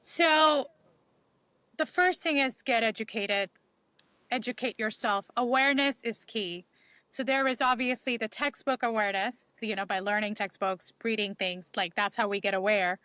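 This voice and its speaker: A woman's voice: fairly high pitch, moderate pace, pushed and bright, clear, resonant tone, no room sound. A woman talking as a podcast guest, giving emphatic advice that repeats key phrases and acts out inner dialogue. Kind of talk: animated conversational advice.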